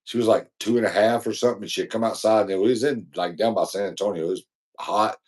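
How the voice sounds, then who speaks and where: A man's voice: on the low side, quick pace, a little mellow, breathy edge. A man co-hosting a podcast, telling a long, rambling, slangy story in casual chat. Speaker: podcast co-host.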